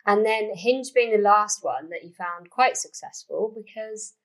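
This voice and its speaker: A woman hosting a casual chat, prompting her guest and reacting quickly. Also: medium pitch, lively intonation.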